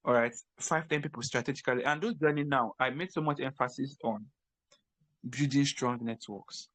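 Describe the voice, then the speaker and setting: A man's voice: mid-range voice, quick pace, fairly bright tone, no room sound. Emphatic man giving crypto career advice. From Africa. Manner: repetitive, emphatic, frequent restarts. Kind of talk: casual advice talk.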